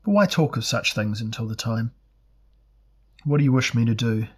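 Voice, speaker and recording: A man's voice: medium pitch, expressive, moderate pace, slightly rough. A man voicing a smiling albino sorcerer lord who speaks politely, with dry irony.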